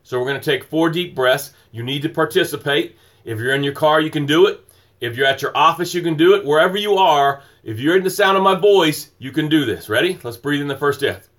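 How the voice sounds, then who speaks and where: A man's voice: fairly high pitch, fairly quick, a bit bright. A middle-aged man hosting a motivational morning livestream, speaking in an emphatic, rhythmic preaching cadence and greeting viewers by name.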